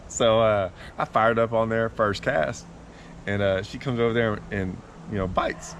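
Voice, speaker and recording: Man, fishing vlogger, low voice, rambling casual storytelling, faint vehicle hum behind. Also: a little fast, a bit bright.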